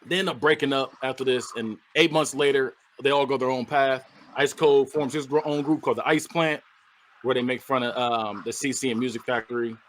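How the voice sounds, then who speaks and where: A man on a podcast, casually recapping a movie plot in an animated way and acting out the characters' lines with bursts of laughter. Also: medium pitch, a little fast, slight background noise. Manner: animated retelling, acts out characters, laughs often. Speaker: podcast host.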